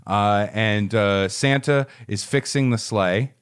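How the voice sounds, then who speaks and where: A man co-hosting a podcast, rambling through a story pitch in casual chat and briefly acting out the characters' lines. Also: takes it slowly, clean tone.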